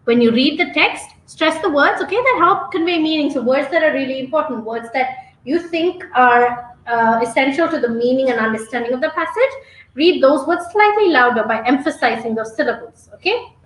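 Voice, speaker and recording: A woman's voice: high-pitched, animated, brisk, a bit bright, reverberant, rough recording. A woman teaching an online exam-prep webinar, coaching students and checking in with a frequent "okay?".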